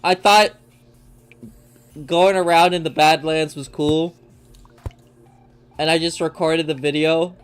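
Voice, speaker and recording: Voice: mid-range voice, steady tone, slow, pauses often, clear, resonant tone. A young adult streamer in casual, joking banter with friends during a live game session, laughing often and swearing freely. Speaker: gaming streamer.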